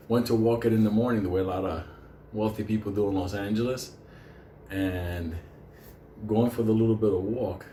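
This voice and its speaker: A man with a lowish voice spins a loose, foul-mouthed yarn, breaking into chuckles as he goes. The sound is roomy, with a faint hiss of background noise behind him. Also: a little mellow. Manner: swears constantly, laughs between lines. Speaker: storyteller. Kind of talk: casual profane storytelling.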